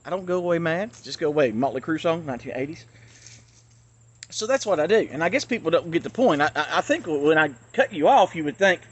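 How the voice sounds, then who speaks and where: A man's voice: fairly high pitch, animated, a little fast, muffled recording. Man, blunt and ranting, repeats himself, handheld phone recording outdoors. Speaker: channel host. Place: outdoors near traffic.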